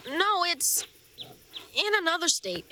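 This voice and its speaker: A woman acting as a jumpy, wisecracking teenage boy with quick comebacks in a radio drama. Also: extremely high pitch, very animated, heavily acted. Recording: loud background noise.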